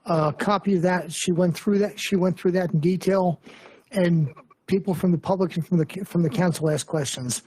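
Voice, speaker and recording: A man with a high, hoarse voice delivers a committee report at a local council meeting. His tone is dark and mellow, with a husky edge. He moves methodically from one numbered item to the next. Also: moderate pace, low-quality recording. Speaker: finance committee member.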